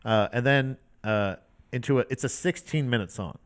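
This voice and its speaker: A man co-hosts a laid-back music podcast, wandering through his thoughts with swearing and false starts. His voice is smooth and clean, sitting at an ordinary middle pitch. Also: moderate pace. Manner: rambling, profane, loose with many restarts and fillers. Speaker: podcast co-host. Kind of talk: casual music podcast chat.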